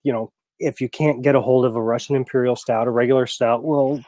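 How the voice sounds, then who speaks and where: A man's voice: medium pitch, fairly even intonation, a little fast, dark tone, dry recording. A man co-hosting a casual beer podcast in an easygoing, agreeable way, recorded over a video call. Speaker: podcast co-host. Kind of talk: casual chat.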